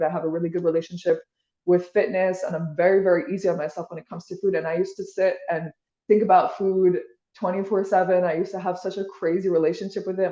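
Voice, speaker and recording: A woman's voice: fairly low pitch, warm tone, echoey room, lo-fi sound. A woman being interviewed, talking in a casual, rambling way with lots of "like" and restarts. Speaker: podcast guest.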